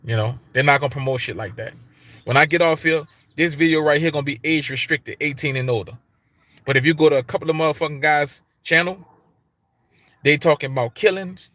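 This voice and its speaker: On the high side and fairly bright, this man's voice moves fairly quickly as he rants on his YouTube livestream in an African American English accent. His talk is casual and emphatic, repetitive, loaded with swearing and street slang.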